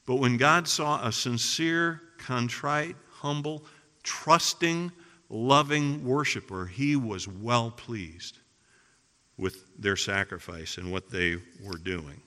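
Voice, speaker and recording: A middle-aged man preaching a sermon as pastor, emphatic, firing rhetorical questions and swinging between loud and hushed passages. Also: medium pitch, takes it slowly. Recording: long reverb of a large hall.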